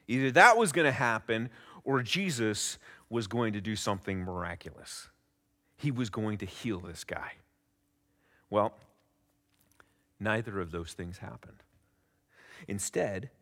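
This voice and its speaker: Brief: male pastor, lively storytelling sermon, mid pitch, reverberant church hall. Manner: expressive storytelling, dramatic pauses. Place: church sanctuary.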